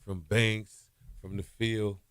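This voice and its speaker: A man's voice: takes it slowly, clean tone, no room sound, studio quality. A middle-aged man, a former quarterback telling stories in a casual interview and acting out what people said. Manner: animated storyteller, acts out quotes with raised pitch, laughs often. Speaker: former college quarterback, guest.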